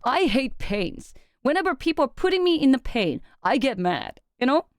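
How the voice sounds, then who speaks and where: Streaming to her audience, this young woman talks in a lively, casual way, often laughing, cursing for emphasis, and tossing out brief Japanese phrases. She sits high in pitch with a sing-song quality, captured in clean, echo-free studio audio.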